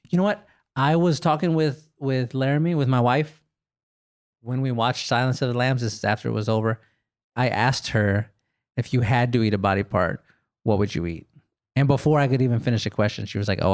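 A man's voice: mid-range voice, dry recording, clean studio sound. A man hosting a comedy podcast, answering listener questions in a loose, joking storytelling manner. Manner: animated storyteller, quick bursts of laughter, jokey. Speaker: podcast host. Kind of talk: casual comedic Q&A.

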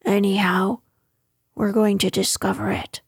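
A woman voicing a simple, cheerful, honey-loving bear who sounds gently puzzled. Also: medium pitch, level tone, unhurried, breathy edge, no echo, clean studio sound. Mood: earnest.

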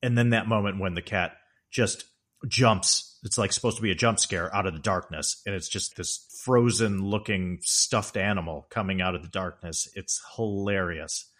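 Low-voiced man chatting about a film. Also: moderate pace, a bit bright. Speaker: podcast co-host. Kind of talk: casual film discussion.

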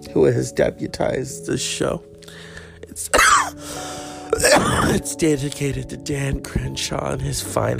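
A slow, drawling man hosts his own podcast and rambles through a profane, mock-outraged monologue. His voice is deeply gravelly with heavy fry. Faint music plays behind him. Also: a bit bright. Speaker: podcast host. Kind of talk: crude comedic monologue.

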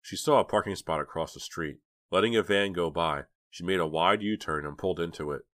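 A man narrating an audiobook in a steady, measured way. His voice is very low. The recording is dry and close, with no room sound. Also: no echo. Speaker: audiobook reader.

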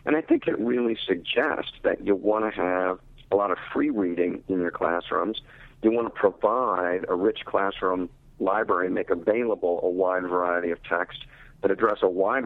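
A man's voice: low-pitched, no room sound. Man on a tinny phone line. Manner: thoughtful, explanatory, measured. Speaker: literacy researcher and teacher. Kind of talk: interview over phone.

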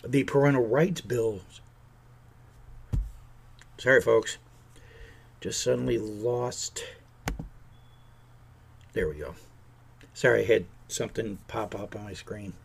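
Gravelly, indignant man ranting. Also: lowish voice, slow, long pauses. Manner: indignant, sarcastic, mocks politicians in put-on voices. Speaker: podcast host. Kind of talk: opinionated political rant.

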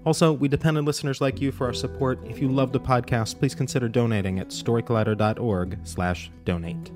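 A man hosting a podcast, reading a brisk, upbeat outro with credits. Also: medium pitch, fairly even intonation. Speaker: podcast host. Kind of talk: scripted outro read. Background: light guitar music.

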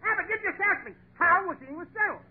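High-pitched flustered comic man, old radio. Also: expressive, rapid-fire. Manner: high, whiny and flustered, mixing up words. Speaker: comedian in a double act. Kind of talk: old-time radio comedy routine. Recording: tinny old radio broadcast with hiss.

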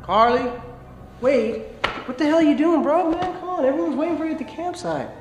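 A frantic young guy, loud film score. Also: extremely high pitch, expressive, a little fast, over music. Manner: frantic, shaken calling out. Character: panicked young man finding his friend. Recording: film clip with roomy echo and loud score.

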